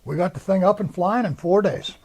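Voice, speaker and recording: A man's voice: high voice, a little fast, a little mellow, husky. An older American man, a Marine veteran, recounting his service in a rambling, anecdotal way and acting out the voices of the people he quotes. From United States. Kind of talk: oral history interview.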